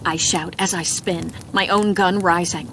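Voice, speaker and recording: A woman narrating a first-person mystery audiobook in a calm, measured reading. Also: on the low side. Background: crackling fireplace.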